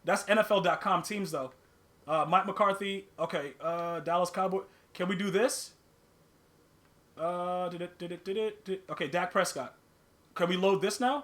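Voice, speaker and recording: A young adult man hosting a casual livestream podcast, talking to his chat in animated slang and often repeating and restarting his words. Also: sits high, normal speed. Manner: slang-heavy, talks to chat viewers. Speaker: podcast host.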